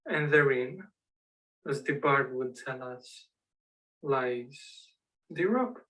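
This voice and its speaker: A man playing a suave male criminal mastermind who speaks in a measured, idiosyncratic way with deliberate pauses. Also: medium pitch, pushed and bright, far from the mic, poor audio. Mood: smug, deliberate.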